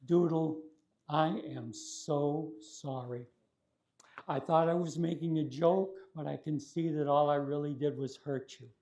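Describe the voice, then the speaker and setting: A man speaks as a remorseful young boy making amends to his sister in a children's story. The delivery is slow and sincere, and the tone is soft and mellow. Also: fairly high pitch, fairly even intonation. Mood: apologetic.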